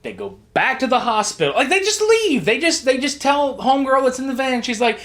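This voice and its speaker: A man co-hosting a podcast, retelling film scenes in a casual, profane, animated way. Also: very high-pitched, a little fast, hardly any pauses. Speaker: podcast co-host. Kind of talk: casual movie review chat. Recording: early amateur mic setup.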